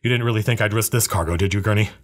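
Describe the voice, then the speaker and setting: A man's voice: on the low side, very fast, close to an everyday voice. Duke Leto, a man reading as a stern clipped nobleman. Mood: calm. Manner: curt, clipped orders. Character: stern commanding nobleman duke, middle-aged.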